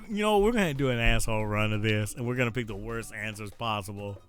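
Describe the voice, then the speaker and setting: A man's voice: on the low side, fast talker, few pauses, clear, resonant tone, faint music behind. A man streaming a dating game, reading its text aloud with playful joking asides.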